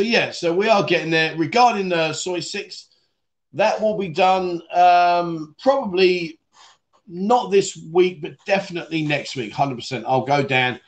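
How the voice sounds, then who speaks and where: A man hosting a casual livestream and reading out viewer comments, rambling, laughing often and calling viewers mate. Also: on the high side. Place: Pattaya, Thailand.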